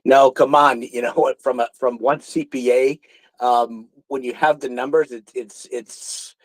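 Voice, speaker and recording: A man's voice: medium pitch, fairly even intonation, a little slow, no echo, rough recording. A man who says he is an accountant, joking wryly in a casual online audio chat. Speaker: accountant guest.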